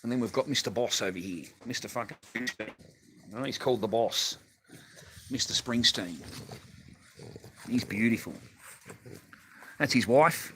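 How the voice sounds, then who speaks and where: Casting: Australian man, middle-aged, livestream host, bright, sweary and chatty, phone mic. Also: medium pitch, measured pace, pauses often, a little hiss or hum. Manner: rambling, profane, laughing often. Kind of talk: casual livestream chat. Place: garage workshop. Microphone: phone on a holder.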